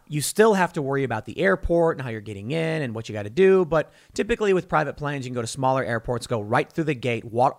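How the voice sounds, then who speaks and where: A man hosting a solo political commentary show, talking in an opinionated, conversational way with emphatic stresses and frequent restarts. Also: medium pitch.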